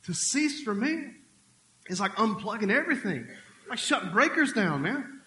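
A male pastor delivers a sermon in a loose, conversational way, full of quick asides. His voice sits a little high for a man. It rings out in an echoey church room, with a faint hum underneath. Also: sing-song, sharp tone. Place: church sanctuary.

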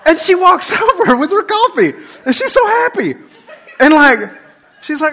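A middle-aged man, a pastor, telling a funny personal story in a sermon and swinging from loud outbursts to hushed asides. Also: extremely high pitch, sing-song, moderate pace. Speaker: pastor and police chaplain.

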